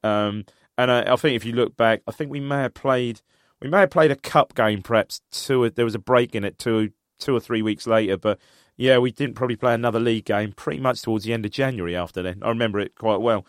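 A man from England co-hosting a casual football podcast, reminiscing about old matches and getting animated as he recalls them. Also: mid-range voice, a little fast, few pauses, no room sound, clean studio sound. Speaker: podcast co-host.

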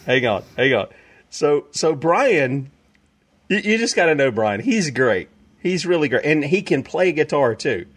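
A man's voice: a little high, sing-song, unhurried. A male radio show host, rambling casually through announcements and laughing easily.

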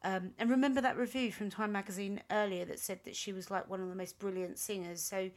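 A woman co-hosting a casual podcast, telling a long story in a loose, rambling way. She fills her pauses with ums and keeps correcting herself mid-sentence. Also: mid-range voice, fairly even intonation, darkish tone. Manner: rambling, chatty, with frequent ums and self-corrections. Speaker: podcast co-host. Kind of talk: casual chat, recounting a band's history.

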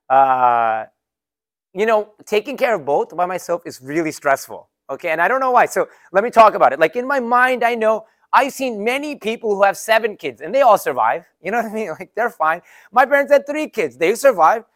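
High-voiced man preaching conversationally. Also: expressive, moderate pace, a bit bright. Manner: conversational preaching with frequent rhetorical questions. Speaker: pastor. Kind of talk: sermon.

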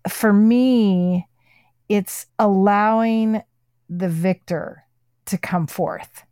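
A woman's voice: mid-range voice, extremely slow, dark tone, no room sound, studio quality. A woman hosting a heartfelt casual conversation, speaking in a soothing, affirming way.

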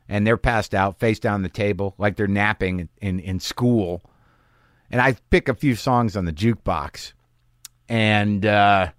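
A man's voice: on the low side, no echo, clean studio sound. A man hosting a podcast from his garage, telling a wry, self-deprecating story in a casual, rambling way with many restarts. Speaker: podcast host. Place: home garage studio.

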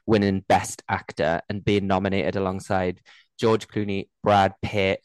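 A man's voice: deep voice, flat delivery, a little slow, smooth, no room sound. A young man from Newcastle with a Geordie accent, co-hosting a casual, joking chat podcast. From Newcastle, England. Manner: jokey, laughs often, playful. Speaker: podcast co-host.

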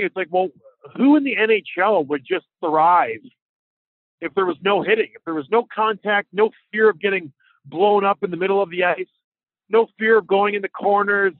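High-voiced man on a tinny line. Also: no room sound. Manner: playful, rambling banter. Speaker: podcast co-host. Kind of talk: casual sports podcast chat. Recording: dry, tinny phone-like line.

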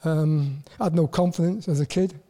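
High-voiced Welsh man in his 60s. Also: steady tone, dark tone. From Wales. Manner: halting, repeats words, self-deprecating. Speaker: guest, former footballer. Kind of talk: casual interview chat.

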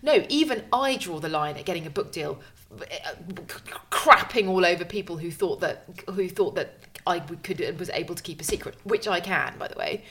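A middle-aged woman co-hosting a podcast, chatting casually in an indignant, rambling way with halting restarts. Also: on the low side, lively intonation, fairly bright tone, slight background noise. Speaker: podcast co-host and journalist. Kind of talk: bickering casual chat.

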